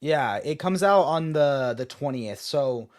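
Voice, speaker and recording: A man's voice: a little high, animated, measured pace. A man co-hosting a casual comics talk show, chatty with many fillers and frequent laughs. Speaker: podcast host. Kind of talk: casual chat about comics.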